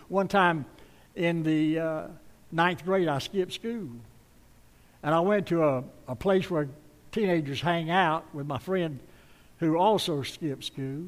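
A man's voice: fairly high pitch, moderate pace. A middle-aged man, preaching a sermon and telling folksy stories to his congregation. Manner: folksy storytelling, warm appeals to the congregation. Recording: long reverb of a large hall.

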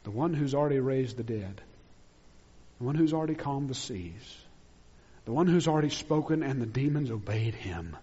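A man pastor preaching a sermon, swinging between loud emphatic declarations and hushed, low passages. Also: lively intonation, normal speed, husky. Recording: dull lo-fi sound with long hall reverb.

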